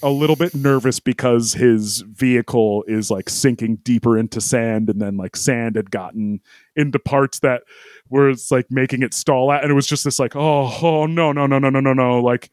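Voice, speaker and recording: A man's voice: mid-range voice, fairly even intonation, moderate pace, darkish tone, no room sound, clean studio sound. A man telling a travel story in a casual chat, rambling with lots of fillers, laughing often and acting out quoted lines.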